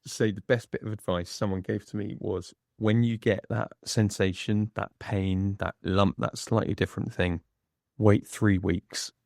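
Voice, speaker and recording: A man speaking as a podcast guest in a candid conversation, measured and reflective, pausing between phrases. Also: fairly low pitch, steady tone, creaky, a little mellow, dry recording, studio quality.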